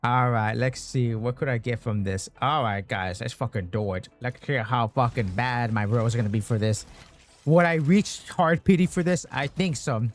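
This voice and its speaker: A man streaming a game, chatting casually with his viewers, swearing constantly and getting excited over his pulls. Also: medium pitch, normal speed. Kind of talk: casual gaming stream chat.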